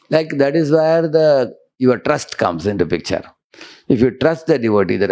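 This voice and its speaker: A man's voice: mid-range voice, lively intonation, unhurried, gravelly, mellow. A monk giving a devotional lecture in a conversational way, often checking in with his listeners.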